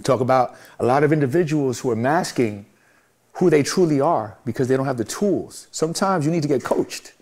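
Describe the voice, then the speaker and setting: A man's voice: medium pitch, animated, a little fast, a little mellow. A middle-aged man, giving a candid interview in an emphatic, repetitive, motivational way. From Brooklyn, New York. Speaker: guest, music manager.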